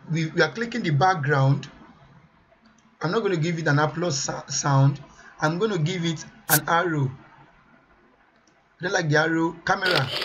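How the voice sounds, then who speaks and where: A man presenting a software tutorial, thinking aloud as he weighs each option and often repeats himself. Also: on the high side, dull audio, slight background noise. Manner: muses aloud over choices, repeats himself.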